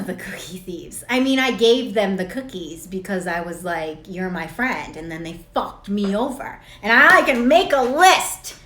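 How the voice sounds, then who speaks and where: Here the same kind of speaker, a spiritual coach in her thirties, chats to camera in an offhand, rambling way, swearing and poking fun at herself. Her mid-range, slightly bright voice is expressive, measured in pace, with hardly any pauses, and the room echoes.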